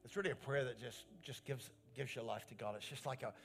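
Earnest male pastor preaching over soft music. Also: medium pitch, quick pace, gravelly. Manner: earnest preaching with rising emphatic phrases and repeated lines. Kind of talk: sermon. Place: church.

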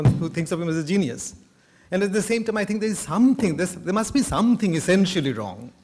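A man from Bengal, giving an academic lecture with a reflective manner and occasional soft laughs. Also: high-pitched. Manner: thoughtful, laughs between points.

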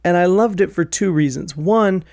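A man's voice: sits high, normal speed, gravelly, darkish tone, no room sound, clean studio sound. A man talking casually and enthusiastically about a favorite film, acting out quoted lines. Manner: enthusiastic, acts out quoted lines in raised voices. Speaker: film reviewer.

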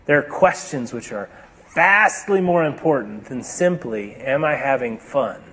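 A man preaching a sermon, moving between emphatic, raised passages and hushed, slow, deliberate ones. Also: mid-range voice, expressive, slightly rough. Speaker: pastor.

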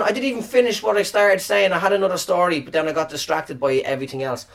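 A man's voice: high-pitched, quick pace, creaky, hardly any pauses, fairly bright tone, distant mic. A man telling a rambling, profane, self-deprecating story as a podcast host, recorded on a phone camera. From Ireland. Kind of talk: casual storytelling monologue.

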